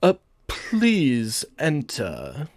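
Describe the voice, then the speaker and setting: A man voicing a suave, refined male ship captain who speaks slowly and smoothly. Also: mid-range voice, huge pitch swings, dry recording, voice pushed up, heavily acted. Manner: slow, drawn-out and smooth.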